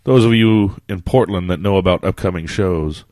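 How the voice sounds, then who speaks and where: Low voiced guy hosting a podcast, laid back and rambly, dead dry sound. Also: normal speed, no echo. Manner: relaxed, rambling. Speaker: podcast co-host. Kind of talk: casual chat.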